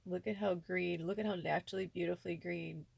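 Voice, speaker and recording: A woman's voice: fairly low pitch, fairly even intonation, fairly quick, gravelly, darkish tone, slightly rough, no room sound. A woman talking tearfully and rambling in a personal vlog, filling her speech with many "like"s. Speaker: spiritual vlogger.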